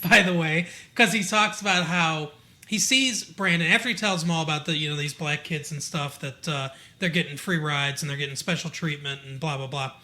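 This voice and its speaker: A man with a fairly high, bright voice chatting loosely as a podcast co-host. He rambles with lots of fillers and slips into the characters' lines as he retells scenes. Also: brisk. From Michigan. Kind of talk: casual chat about a TV show.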